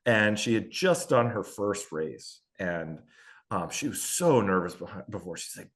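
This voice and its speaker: Lively, candid middle-aged athlete. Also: male voice, lowish voice, a little slow. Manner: candid, self-deprecating, many fillers. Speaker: veteran endurance athlete and pilot, guest. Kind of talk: casual storytelling in a podcast-style interview.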